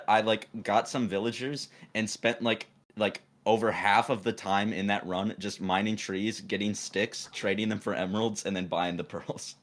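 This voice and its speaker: A teenage guy on a casual podcast who rambles through his own stories and teases his friends. His voice sits somewhat low. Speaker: co-host.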